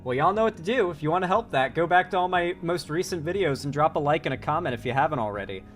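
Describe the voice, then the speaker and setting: A man's voice: fairly high pitch, fast, faint music behind. A man from Florida chatting casually on a live stream, rambling and swearing, with a sore throat. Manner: rambling, profane, excitable. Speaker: political commentary streamer.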